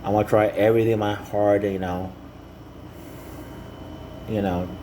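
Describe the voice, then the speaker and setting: A man speaking earnestly to the camera in a rambling personal monologue, halting and repeating "you know" often. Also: fairly low pitch, flat delivery, warm tone, slight background noise, poor audio. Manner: earnest and heartfelt.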